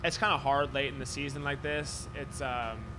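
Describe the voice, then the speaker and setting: A man, a racer at a post-race press conference, giving relaxed, plain answers with fillers. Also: medium pitch, normal speed, noisy background.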